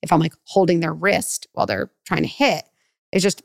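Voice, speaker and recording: A middle-aged woman psychologist giving parenting advice in a podcast interview, animated and full of "like", acting out parent and child lines. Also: on the low side, normal speed, creaky, no echo, clean studio sound. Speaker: clinical psychologist guest.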